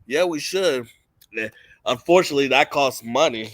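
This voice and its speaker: Bright, blunt young man. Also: medium pitch, expressive, normal speed, no echo. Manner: blunt, reads viewer questions aloud. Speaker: co-host. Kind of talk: casual streamed chat.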